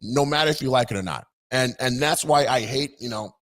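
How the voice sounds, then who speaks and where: A man's voice: mid-range voice, fairly quick, a bit bright. A man hosting an opinion vlog, talking in an indignant, mocking, rambling way. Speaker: political commentator host.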